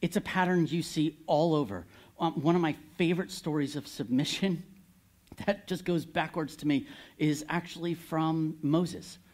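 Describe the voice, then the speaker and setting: A man preaching a sermon, candid and animated, retelling a Bible story with occasional laughs. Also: fairly high pitch, normal speed.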